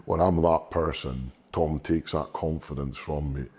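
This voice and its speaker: Strongman guy, super low rough voice, sweary and animated, keeps repeating himself. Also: unhurried. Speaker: strongman guest. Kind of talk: candid interview storytelling.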